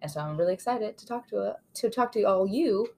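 A woman's voice: medium pitch, animated, fast talker, gravelly, dark tone, a little hiss or hum. A woman co-hosting a casual podcast, playful and bubbly, laughing often. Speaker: podcast co-host. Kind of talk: casual chat.

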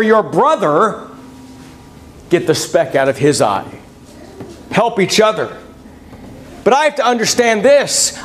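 A male preacher giving a conversational sermon in church, addressing the congregation as folks and reading scripture aloud. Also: high-pitched. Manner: folksy, conversational, quotes scripture in King James wording.

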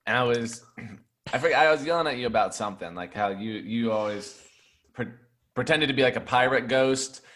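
A man's voice: medium pitch, fairly quick, fairly bright tone. A man on a comedy podcast, telling a rambling, self-mocking story about an improv scene.

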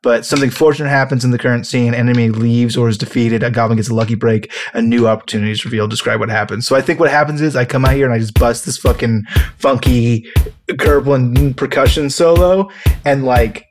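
Guy talking thru rpg rules, lots of restarts, swears casually, mid pitch, bit of music behind. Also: steady tone, fairly quick. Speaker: tabletop game player and rules explainer. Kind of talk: casual tabletop role-play chat.

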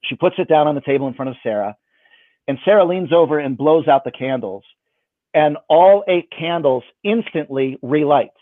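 A man, a magician, telling a story in an animated, jokey way. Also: a little high, normal speed, no echo. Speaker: magician, guest. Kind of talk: casual storytelling. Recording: dry, tinny phone-like line.

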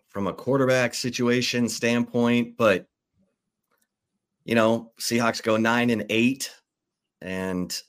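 A man co-hosts a casual sports podcast, reading out breaking news before musing over what it means. His voice sits low and his delivery is slow and unhurried, with easy pauses between thoughts. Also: a bit bright. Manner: unhurried, reads breaking news then muses about it.

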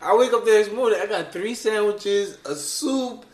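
A man telling a story in a casual group chat, animated, profane and laughing as he talks. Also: high-pitched, moderate pace, echoey room.

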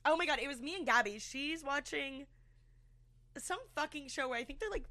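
Young American woman, podcast co-host, high bright voice, giggly and animated, loaded with fillers. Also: normal speed. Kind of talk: casual chat.

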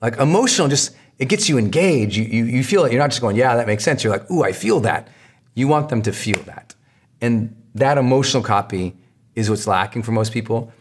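A man's voice: mid-range voice, animated, fairly quick, slightly rough. A man with a mid-range voice delivers a motivational lesson as a podcast host. He talks with bursts of energy and drives his points home by repeating them. His delivery is emphatic and coaching. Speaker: podcast host teaching marketing. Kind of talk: motivational teaching talk.

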